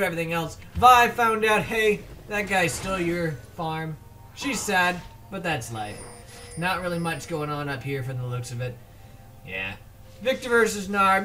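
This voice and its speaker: High-voiced casual male game caster. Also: bright, forceful tone, slight background noise. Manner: casual, rambling, trips over player names. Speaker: esports shoutcaster. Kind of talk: solo video game commentary.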